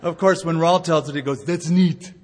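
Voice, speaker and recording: A man's voice: on the high side, brisk. Man preaching in a reverberant hall. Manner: storytelling preacher, rising to emphatic delivery. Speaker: pastor. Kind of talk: sermon. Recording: long reverb of a church hall.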